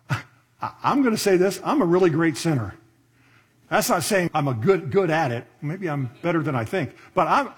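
A man's voice: high voice, slightly rough. A middle-aged man pastor preaching a sermon in a conversational way, with asides and rhetorical questions.

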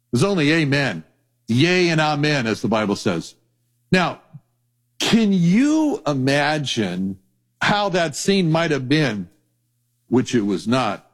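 A middle-aged man preaching a sermon, his voice sitting a little high. He tells stories with animation and slips into acted-out voices as he talks. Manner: animated storytelling, acts out voices.

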